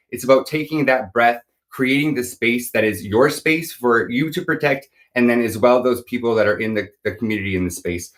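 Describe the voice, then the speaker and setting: A man talking straight to his live-stream viewers, candid and earnest as he works through seller advice. His voice sits at a middle pitch, and he speaks in a halting way into a phone or device mic. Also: fairly bright tone.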